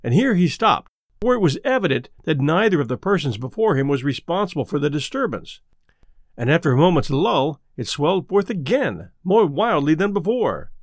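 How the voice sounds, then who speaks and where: A man tells a ghost story in a measured way. His pitch rides fairly high and moves a lot. The recording is dry and close. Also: sing-song, no echo. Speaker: narrator. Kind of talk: audiobook narration.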